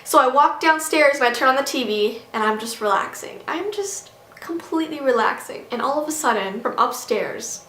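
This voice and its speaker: A woman vlogger telling an animated story, chatty and full of "like", acting out the dialogue. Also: high voice, moderate pace, roomy sound, slight background noise. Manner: chatty, acts out dialogue, many "like"s.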